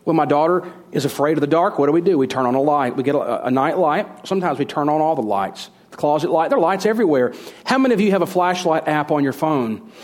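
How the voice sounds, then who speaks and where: A man's voice: a little high, expressive, quick pace, a little mellow. A middle-aged man preaching a sermon as pastor, emphatic, with repeated phrases and rhetorical questions.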